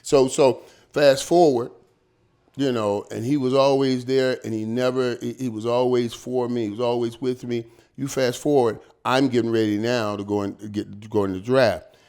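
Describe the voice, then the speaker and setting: A man in his fifties sits in as a guest and tells stories in a loose, slangy, lively way. His voice sits in an ordinary middle pitch, and he keeps repeating words and playing out the lines of the people in his stories. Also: normal speed, clean tone. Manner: animated, slangy, repeats words and acts out quotes. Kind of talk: casual storytelling.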